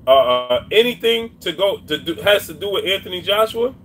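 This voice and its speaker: A man doing boxing commentary on a live stream, talking casually and repeating his points while shouting out viewers' names. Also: high voice, expressive, moderate pace, slight background noise. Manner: repetitive, shouts out chat names.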